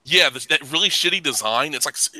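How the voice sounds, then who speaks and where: A man with a very bright, sharp voice pitched a little high, ranting and swearing freely as he hosts a casual podcast. The sound is close and dry, with almost no room around it. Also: lively intonation, quick pace, no echo, poor audio. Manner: ranting, profane, laughs loudly. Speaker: podcast host. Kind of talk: casual profane chat.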